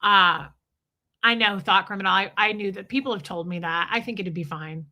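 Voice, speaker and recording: A woman talks through a casual live stream, drifting from one thought to the next and pausing to greet viewers by name. Her voice is bright and forward, sitting at an everyday middle pitch. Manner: rambling, chatty, greets viewers between thoughts.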